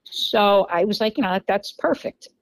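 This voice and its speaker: A woman with a New York accent telling a dating story in a casual podcast interview, animated and full of fillers, acting out quoted dialogue. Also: mid-range voice, moderate pace, no room sound, poor audio. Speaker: podcast guest.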